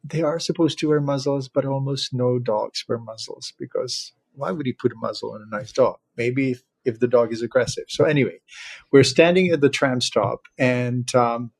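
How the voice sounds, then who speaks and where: A man's voice: mid-range voice, normal speed, vocal fry, husky. A man from the Czech Republic hosting a podcast, chatting casually and going off on tangents with frequent laughter. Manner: chatty, laughs often, digresses. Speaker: podcast host. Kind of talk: casual conversation.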